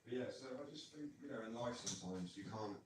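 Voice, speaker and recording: A man with a very low voice talks quickly in a loose, rambling way, leaning on "like" and "you know". He speaks from some distance to the mic at home, over a faint hiss of noise. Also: lively intonation. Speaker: skateboarder talking about skating. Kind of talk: casual chat. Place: indoors at home.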